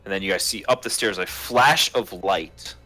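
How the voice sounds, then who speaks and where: A man's voice: low-pitched, moderate pace, pushed and bright. A man narrating a tabletop role-playing game as game master, rambling and hesitant with many fillers.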